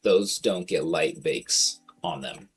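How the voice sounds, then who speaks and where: A man with a low, deep voice talks casually on a livestream, rambling from one thought to the next. His speech is slangy and full of swearing. Soft guitar music plays quietly in the background. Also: slow pace, slightly rough. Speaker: streamer.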